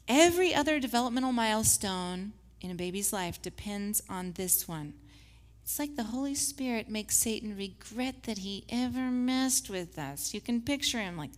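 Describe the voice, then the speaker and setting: A woman teaching a faith-based lesson with slides, who acts out the scripture quotes in lively voices. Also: on the high side, moderate pace, long reverb tail. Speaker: Bible study teacher.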